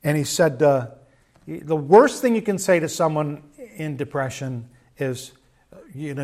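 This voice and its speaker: Middle-aged male preacher, fairly high voice, measured and earnest delivery. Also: a little mellow. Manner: measured, earnest, with quoted asides. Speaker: pastor. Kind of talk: sermon.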